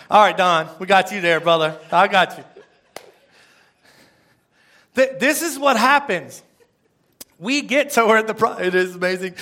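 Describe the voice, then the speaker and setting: A man's voice: high voice, pushed and bright. A man preaching a conversational sermon, often asking the congregation questions. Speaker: pastor.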